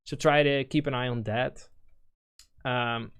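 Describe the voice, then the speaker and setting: A man's voice: medium pitch, steady tone, takes it slowly, fairly bright tone, clean tone. A man with a Dutch accent hosting a stream, talking casually as he gives technical feedback on music demos and thinks aloud. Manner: thinks aloud with fillers, explains technical points.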